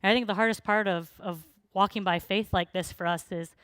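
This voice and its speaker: A woman's voice: medium pitch, fairly even intonation, brisk, fairly bright tone, dry recording. A woman preaching a sermon, telling the story in a chatty, informal way with plenty of fillers.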